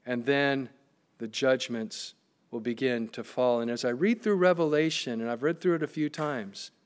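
Emphatic pastor, a somewhat high-voiced man. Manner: reads scripture aloud and tells personal stories. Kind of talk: sermon.

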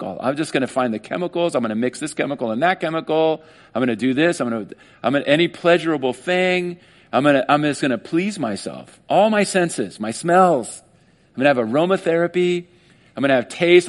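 Guy preaching a chill sermon, super conversational, keeps doing little voices for the stories. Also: medium pitch. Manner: conversational and animated, acting out quoted voices. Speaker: pastor.

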